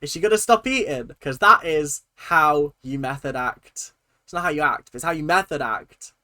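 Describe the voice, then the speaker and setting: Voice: mid-range voice, expressive, moderate pace, sharp tone, no echo. A host ranting indignantly while reacting to a TV show, in heated, fired-up commentary.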